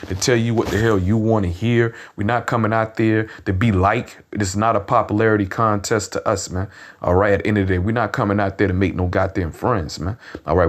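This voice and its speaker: A man preaching informally from scripture, blunt and profane, often tagging his lines with "man" and "you know what I'm saying," and reading verses slowly with emphasis. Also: low-pitched. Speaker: street preacher.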